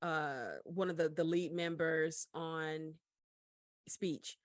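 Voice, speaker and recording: A woman's voice: low-pitched, steady tone, slow, no echo, clean studio sound. A woman co-hosting a podcast, talking in a casual, chatty way with frequent fillers and restarts. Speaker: podcast co-host. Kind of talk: casual chat.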